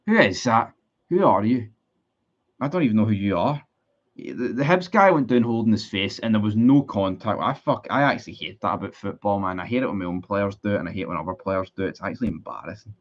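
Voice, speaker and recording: A Scottish man with a fairly low voice talks through a live football match for his stream, swearing at his team and answering viewers in the chat. His audio is dull and lo-fi, like a cheap streaming setup. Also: expressive, a little fast. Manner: frustrated, sweary, chatty with viewers. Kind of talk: live match watchalong commentary.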